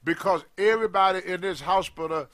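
An older man, a guest telling an animated story and acting out the people in it. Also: high-pitched, fairly quick. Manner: animated storyteller, acts out quoted voices. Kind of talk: storytelling in a podcast interview.

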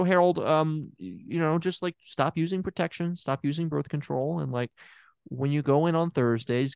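A man's voice: fairly high pitch, clean tone, dry recording, lightly acted. A man playing a bumbling fake therapist in an improvised scene, hesitant and stammering while confidently explaining nonsense.

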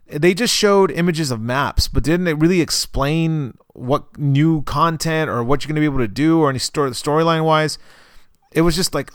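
A man co-hosting a gaming podcast, recounting an event in a rambling, halting way full of fillers and restarts. His voice is smooth and clear, recorded dry and close. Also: fairly high pitch, a bit bright, no room sound. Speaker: podcast co-host. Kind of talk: casual chat.

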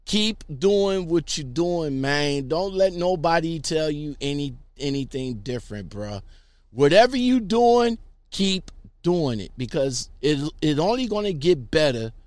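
A man with a fairly high voice talks slowly and casually through viewer comments. He rambles and repeats himself, leaning hard on his points. The sound is dry and close. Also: animated, darkish tone, dry recording. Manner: rambling, repeats words, emphatic. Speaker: YouTuber reading viewer comments.

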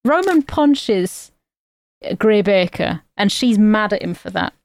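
A woman co-hosting a podcast, chiming in with quick short remarks in casual chat. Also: medium pitch, lively intonation, vocal fry, a little mellow, no room sound. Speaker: podcast co-host. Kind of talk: casual film recap chat.

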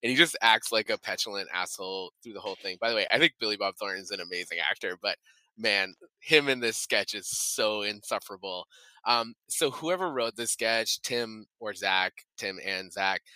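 A man on a casual comedy podcast rambles with plenty of fillers and profanity. His voice is very bright and sharp. The recording is dry and close. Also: lowish voice, normal speed, no room sound, rough recording. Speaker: podcast co-host.

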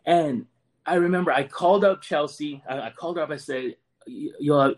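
A man's voice: fairly high pitch, a little fast. Earnest guy in his 40s, ex-marine, telling his story, stumbles over repeated words. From United States. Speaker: podcast guest, Marine veteran. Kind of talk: personal storytelling.

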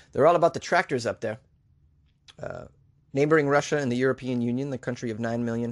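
A man hosting a talk show, riffing jokingly on news stories, rambling and stumbling over hard names. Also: mid-range voice. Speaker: show host.

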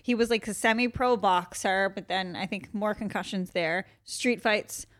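A woman's voice: mid-range voice, moderate pace, a bit bright. A woman guest on a podcast, a comedian telling stories in casual chat, saying "like" a lot and laughing often. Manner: chatty storytelling, full of "like", laughs often.

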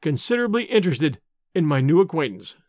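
A male narrator reading a classic novel aloud in clear, measured scripted narration. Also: a little high, big pitch swings, a little mellow, no room sound, studio quality. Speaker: audiobook narrator.

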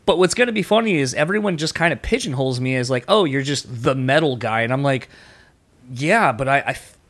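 A man's voice: mid-range voice, expressive, fairly quick, fairly bright tone. A man hosting a music interview show, talking casually and leaning hard on fillers as an enthusiastic fan. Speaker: podcast host.

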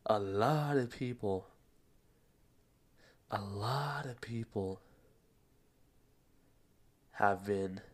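A man's voice: on the low side, drawn-out words, long pauses. A young man hosting a solo podcast, rambling in casual slang, laughing at himself and a bit out of breath. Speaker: podcast host.

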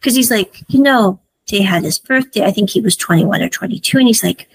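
A woman's voice: mid-range voice, a little fast, breathy edge, poor audio. A woman hosting a podcast, recapping a series episode in a chatty, opinionated way. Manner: chatty and opinionated, full of "I'm like". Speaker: podcast host.

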